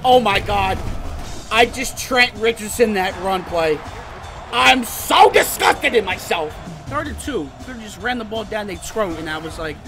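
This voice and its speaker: Loud, animated man commentating gameplay. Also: high-pitched, measured pace. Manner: animated, swings to shouting and cursing. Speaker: gaming channel host. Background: game music.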